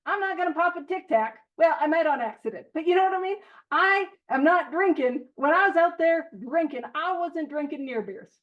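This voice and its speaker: A woman's voice: extremely high pitch, animated, moderate pace, highs cut off. A woman hosting a recovery book study in casual, earnest talk, chatty and self-deprecating, prone to tangents. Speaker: host leading a recovery literature study. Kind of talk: casual study-group talk with read-aloud passages.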